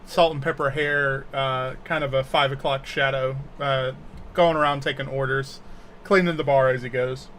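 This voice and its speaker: A man narrating a tabletop role-playing game as game master, halting and full of fillers. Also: medium pitch, fairly even intonation, fairly bright tone, a little hiss or hum.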